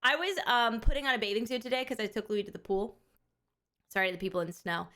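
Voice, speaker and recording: A woman streamer chatting casually with her viewers, animated and candid, often laughing and swearing freely. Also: on the high side, fast talker. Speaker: live streamer.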